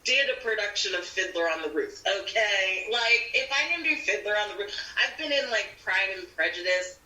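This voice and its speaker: This woman actor is a guest on a podcast, telling stories in a casual, animated chat and acting out the people she quotes. Her voice sits at medium pitch and moves at normal speed. The audio sounds roomy, as if from a distant mic.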